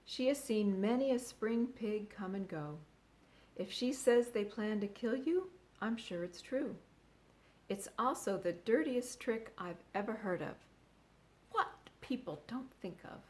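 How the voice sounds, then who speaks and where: Woman playing a calm kindly lady spider, soft measured voice, firm, storybook reading. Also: on the high side.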